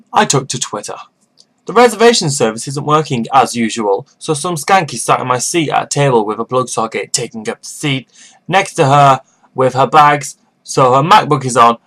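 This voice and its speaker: A young man vents to camera in a casual vlog. His voice sits at a middle pitch. He talks in a sarcastic, exaggerated way and swears freely. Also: bright, forceful tone. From Northern England. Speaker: vlogger.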